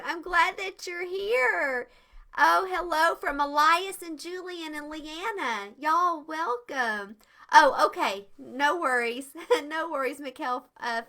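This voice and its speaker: Older woman, kids' etiquette host, bubbly, unhurried pace. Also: high-pitched, pushed and bright. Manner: bubbly, effusive greetings to viewers. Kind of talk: live-stream lesson for kids.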